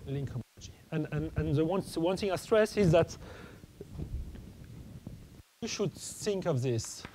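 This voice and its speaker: Guy lecturing math, stops and restarts a lot, soft mellow tone, faint hiss behind. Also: a little high, expressive, low-quality recording. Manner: halting, many restarts and fillers, thinking aloud.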